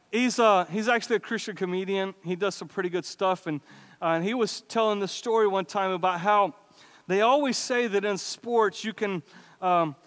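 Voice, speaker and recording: A man's voice: sits high, a bit bright. A man preaching a sermon as pastor of a church, in a casual, conversational way with asides and laughs. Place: church sanctuary. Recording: reverberant hall.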